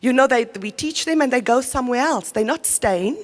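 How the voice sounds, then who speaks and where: A woman, a community development worker, giving an earnest, energetic conference talk. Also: high-pitched, fairly quick. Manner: earnest, energetic, self-interrupting. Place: conference hall. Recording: long reverb of a conference hall.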